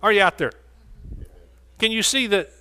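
A man's voice: high voice, lively intonation, moderate pace, bright, forceful tone, clear, resonant tone. A man preaching a sermon in a folksy, joking way.

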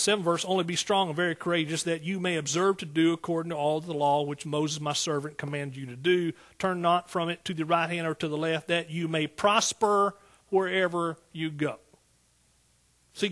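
A man preaching a sermon, talking directly to the congregation, building to loud emphatic peaks and then dropping back to a conversational tone. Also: a little high. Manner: rises to emphatic exclaiming peaks; Southern "y'all" speech.

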